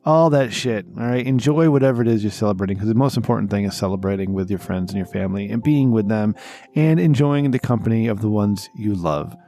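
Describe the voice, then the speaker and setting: A man's voice: on the low side, fast, dark tone. A man co-hosting a casual podcast, ranting with heavy swearing. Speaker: podcast co-host. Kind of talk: casual profane podcast banter.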